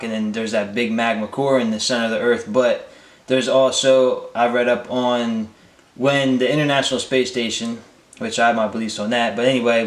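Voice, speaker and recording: A man hosting a casual interview, talking in a rambling, unsure way full of hedges. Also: medium pitch. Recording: echoey room.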